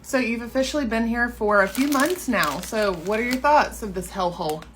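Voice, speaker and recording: A woman voicing a new salon assistant chatting quietly with a coworker. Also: fairly high pitch, moderate pace, slight background noise, natural voice. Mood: curious. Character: new female salon assistant, nervous and curious.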